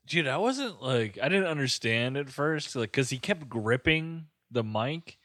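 A man rambling through casual movie talk, swearing and laughing. His voice is bright and forward, recorded dry with no room sound. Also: mid-range voice, expressive, unhurried, dry recording. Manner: profane, laughing, loose and rambling. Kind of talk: casual movie-riffing chat.

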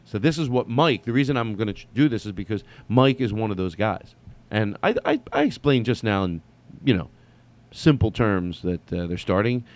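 Casting: male comedian host, rambling solo chat, somewhat low voice. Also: animated, moderate pace. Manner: rambling with restarts and swearing. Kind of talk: solo casual monologue.

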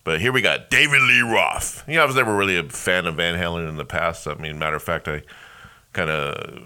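Bright-voiced, swearing podcast host. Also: male voice, sits low, expressive, fast, slight background noise. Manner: profane, laughing, rambling. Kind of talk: casual comedic rant.

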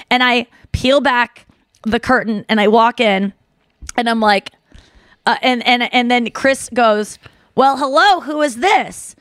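A young adult woman hosting a podcast, telling a story casually and excitedly, with lots of "like" and acted-out quotes. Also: fairly high pitch, dry recording, clean studio sound. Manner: animated, excitable, heavy use of "like"; acts out quoted voices. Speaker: podcast host.

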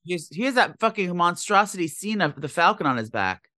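A man with a New Jersey accent tears through casual podcast chatter at a rapid clip. He rambles and swears freely. The sound is close and dry, with no room around it. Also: high voice, big pitch swings, pushed and bright, no echo. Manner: fast, rambling, swearing, acts out voices in stories. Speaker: podcast co-host. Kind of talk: casual chat.

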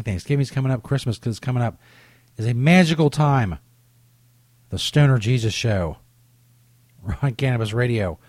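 A man's voice: medium pitch, animated, normal speed, long pauses, a little mellow, dry recording. Cocky, profane male podcast host. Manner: cocky, profane, boastful bits. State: coming down with a cold. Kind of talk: comedic solo podcast rant.

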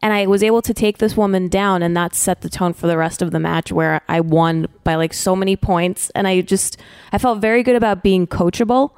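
A woman's voice: lowish voice, a little fast, darkish tone, clean tone, dry recording, studio quality. A woman in her late thirties, telling a personal story in an earnest, reflective way. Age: late 30s. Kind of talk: casual chat.

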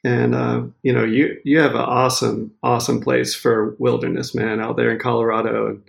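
Gravelly animated storyteller man. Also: medium pitch, moderate pace. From Maine. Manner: laughing, animated storyteller acting out quotes. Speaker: photographer guest. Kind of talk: casual interview storytelling.

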